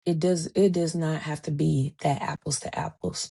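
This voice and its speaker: Hosting a solo podcast, a woman in her thirties tells stories casually, acting out the voices of the people in them with animated, colloquial flair. Her voice is low and slightly rough with vocal fry, at a normal speed.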